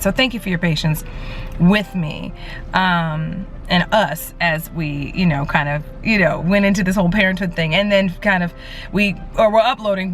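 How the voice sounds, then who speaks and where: A woman's voice: sits low, creaky. A young woman talking casually to camera as a vlogger and new mother of twins, rambling with many fillers.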